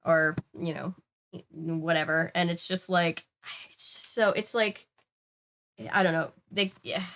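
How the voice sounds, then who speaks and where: A woman's voice: fairly low pitch, fairly bright tone. A woman from Louisiana with a slight Southern US accent, chatting casually on a stream, rambling with many fillers. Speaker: streamer reading viewer comments. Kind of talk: casual live-stream chat.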